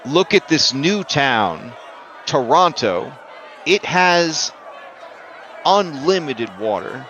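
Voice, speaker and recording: A man running a tabletop game, rambling and joking, his bright, sharp voice rising and falling a lot. The audio is dull and lo-fi, with faint crowd and street noise behind. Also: fairly high pitch, big pitch swings, takes it slowly. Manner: rambling, joking, many fillers. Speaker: game master.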